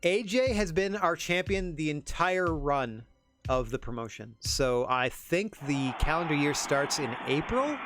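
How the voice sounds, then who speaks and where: A male game streamer with a fairly high voice, chatting casually between plays. He talks softly and rambles, often hedging and downplaying himself. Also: animated, a little slow, no room sound, faint music behind. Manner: rambling, self-effacing, soft-spoken. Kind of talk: casual chat while playing.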